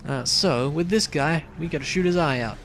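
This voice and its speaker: A man's voice: a little high, moderate pace, fairly bright tone, slight background noise. A young man casually commenting on a video game as he plays, chatty and rambling, with lots of fillers and asides. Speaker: let's play host.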